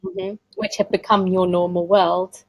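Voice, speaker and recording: A woman's voice: lowish voice, steady tone, unhurried, dry recording, rough recording. A woman, a tarot reader chatting as an interview guest and telling stories with frequent laughs. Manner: chatty storyteller who laughs often. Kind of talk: casual conversational interview.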